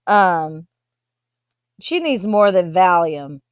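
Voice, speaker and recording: A woman's voice: on the low side, very animated, slow, clear, resonant tone, dry recording, dull audio. A woman hosting a live stream, chatting casually as she reads viewer comments aloud and answers them.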